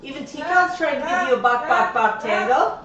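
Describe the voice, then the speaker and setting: A woman's voice: high-pitched, expressive, moderate pace, a bit bright, muffled recording. A woman talking casually and coaxingly to her pet parrots during a live stream. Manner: coaxing, sing-song talk to birds. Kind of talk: casual talk to pet birds. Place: indoor room with pet birds. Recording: echoey room, voice from far off mic, faint hiss.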